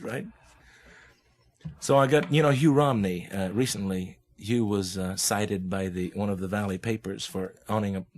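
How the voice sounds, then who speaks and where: A young man from Oklahoma, a guest musician, telling stories in laid-back hip slang and laughing often as he acts out the people in them. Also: medium pitch. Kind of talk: casual storytelling.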